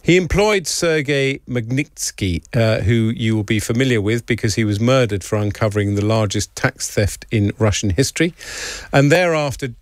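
A man hosting a radio interview in the studio, asking questions in a brisk, wry way. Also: medium pitch, no room sound. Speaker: radio host.

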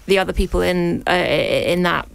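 A woman from North London giving her view on a radio panel, thoughtful and quick. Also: on the low side, vocal fry, low-quality recording. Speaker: panel guest.

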